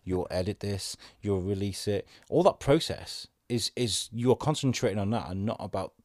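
A man with a fairly low voice hosts a casual podcast conversation. He rambles and reflects as he tells his stories. The sound is close and dry, with no room around it. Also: moderate pace, darkish tone, no echo. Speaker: podcast host. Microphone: studio podcast microphone.

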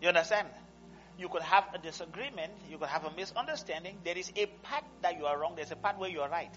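A male pastor preaching a sermon, swinging between loud exclamations and quiet conversational asides, laughing often. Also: high voice, animated, quick pace, muffled recording, soft background music. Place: church service.

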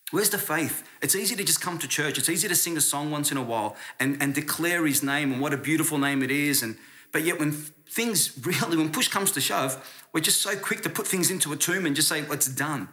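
Aussie pastor guy preaching, bright forceful voice, earnest and chatty, stumbles and restarts a lot. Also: fairly high pitch, a little fast. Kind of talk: sermon.

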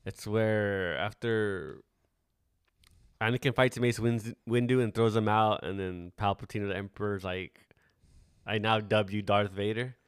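In a casual podcast chat, the host, a man in his forties, drifts through stories in a laid-back manner, swearing frequently. His voice sits on the low side, smooth and unhurried, with fairly even intonation. The recording is dry and studio quality.

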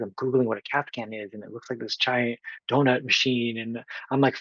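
Young guy from oakland telling his story, kinda husky voice, dry slightly dull sound. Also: mid-range voice, level tone, brisk, a bit bright, no room sound. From Oakland, California. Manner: earnest, retells with quoted dialogue, frequent fillers. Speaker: podcast guest. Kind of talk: storytelling in conversation.

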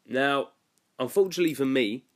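A man's voice: mid-range voice, a little fast. A young man telling a story about his cruise ship job in a casual, rambling and chatty way. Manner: rambling, chatty, lots of "like" fillers. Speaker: former cruise ship youth activities worker.

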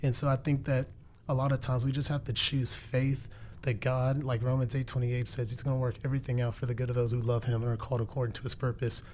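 Earnest young man, flat steady voice. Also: medium pitch, fast, slight background noise. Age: 20s. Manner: earnest, preacherly, repeats phrases for emphasis. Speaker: guest. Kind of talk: faith testimony in conversation.

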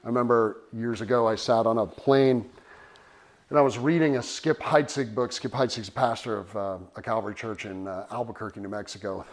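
A man's voice: lowish voice, quick pace, hardly any pauses. A middle-aged man preaching a sermon, telling stories in a conversational, earnest way. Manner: conversational storytelling, animated and earnest. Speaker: pastor.

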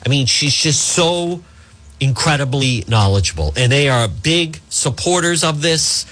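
A talk radio host, a man who rambles through his monologue and calls his listeners folks. His pitch swings up and down as he talks. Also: big pitch swings, unhurried, a bit bright.

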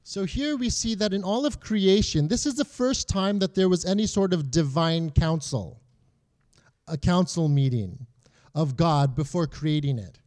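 A man's voice: fairly high pitch, a little slow, darkish tone. A young adult man teaching a Bible lesson in a conversational way, often checking in with his listeners.

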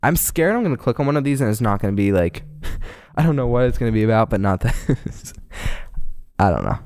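A man's voice: mid-range voice, sing-song, brisk, darkish tone, no echo, studio quality. A man in casual chat as co-host, joking and mocking himself, laughing often.

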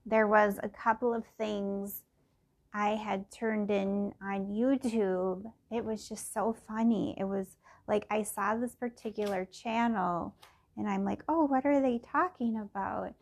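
A woman's voice: medium pitch, level tone, slow, a little mellow. A middle-aged woman thinking aloud in a casual personal podcast, meandering and full of fillers and restarts.

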